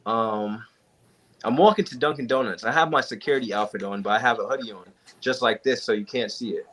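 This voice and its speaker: Medium-pitched and brisk, a young adult man on a panel tells stories with animation in a casual group chat. He acts out the quoted back-and-forth as he goes.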